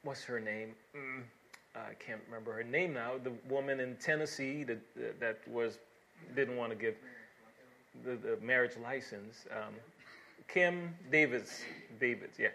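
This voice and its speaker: A man's voice: medium pitch, measured pace, creaky, bright, forceful tone, slight background noise. A man preaching a sermon, reading scripture verses aloud and then explaining them earnestly, building to emphatic exhortations. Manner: earnest, with fillers and restarts, rising to emphatic exhortation.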